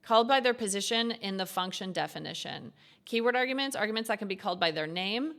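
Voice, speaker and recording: A woman's voice: medium pitch, lively intonation, fast talker, fairly bright tone. A young woman streaming as she codes, thinking aloud and reading lesson text half to herself. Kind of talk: casual coding stream commentary.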